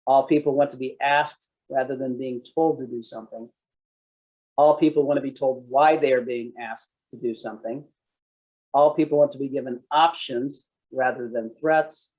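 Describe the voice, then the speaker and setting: A man's voice: medium pitch, steady tone, moderate pace, darkish tone, husky, poor audio. Conversational male police trainer. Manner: conversational, acts out sample phrases. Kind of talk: conference presentation.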